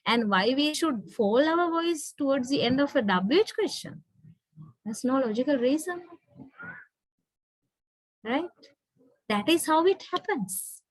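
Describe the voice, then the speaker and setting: A woman's voice: high-pitched, animated, measured pace, long pauses, no room sound, low-quality recording. A woman lecturer with a Sri Lankan English accent, patiently explaining in an online class and often checking in with her students.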